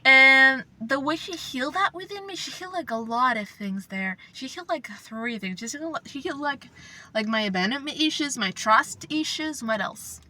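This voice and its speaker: A young woman with a bright, clear voice that sits a little high, talking casually to her viewers. She rambles and swears freely, gushing with feeling, and at times drops to a hushed whisper. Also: lively intonation, normal speed. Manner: rambling, profane, effusive, slips into whispers. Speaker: channel host. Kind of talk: casual chat.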